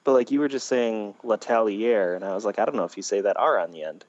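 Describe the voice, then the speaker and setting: A man's voice: on the low side, quick pace, darkish tone, no room sound, muffled recording. A man co-hosting a casual podcast, rambling and self-deprecating, with many fillers. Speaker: podcast co-host. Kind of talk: casual chat.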